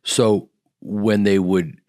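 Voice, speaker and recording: Lively storytelling man, dry studio. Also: lowish voice, slow, dry recording. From American Midwest. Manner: animated storyteller who acts out quoted people. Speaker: actor and comedian guest. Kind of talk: radio interview. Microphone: studio microphone.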